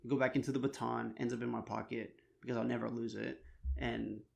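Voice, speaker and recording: A man's voice: mid-range voice, level tone, brisk, gravelly, darkish tone. A man in his twenties co-hosting a podcast, laid-back and swearing freely. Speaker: podcast co-host. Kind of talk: casual chat.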